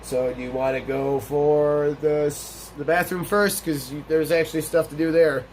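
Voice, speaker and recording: A man's voice: on the high side, steady tone, moderate pace, a little mellow, slight background noise. A young man hosting a let's play, telling a long personal story in a rambling, profane, emphatic way. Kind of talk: casual storytelling over gameplay.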